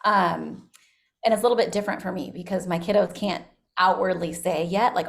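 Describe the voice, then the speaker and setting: A school social worker talks casually on a video call, her voice lowish, a bit quick and gravelly. She's chatty and leans heavily on "like" as a filler, picked up by the call's microphone.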